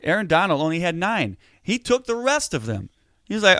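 A man co-hosting a casual football talk show, animated and getting heated as he argues his point. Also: high voice, normal speed, no room sound, clean studio sound. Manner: animated, gets heated and emphatic. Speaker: sports podcast co-host.

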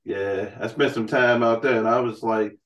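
A man in casual podcast chat, swearing freely and rambling through stories full of "you know" and "man". His voice sits a little back from the mic in a roomy space, with middling pitch. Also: fairly even intonation, moderate pace, distant mic. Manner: loose, profane storytelling with frequent "man" and "you know". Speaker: podcast host.

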